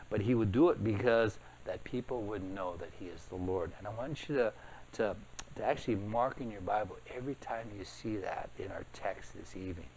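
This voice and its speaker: A man's voice: fairly low pitch, husky. A man preaching at an evening service, walking through scripture in a conversational way, often checking in with "right?" and reading verses aloud with more force. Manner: reads scripture louder and emphatic. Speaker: pastor. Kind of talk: Bible teaching.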